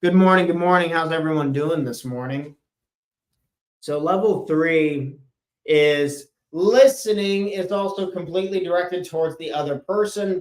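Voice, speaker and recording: A male life coach with a voice that sits high and a little mellow gives a solo podcast talk about listening. Speaking casually and emphatically, he often lets his tone drop at the end of a point. He's recorded in an echoey room with a chalkboard.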